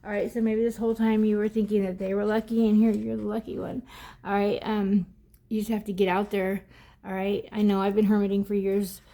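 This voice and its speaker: A woman's voice: mid-range voice, level tone, a little fast, mellow. A woman giving a casual, rambling oracle card reading, teary at times and often drifting off mic.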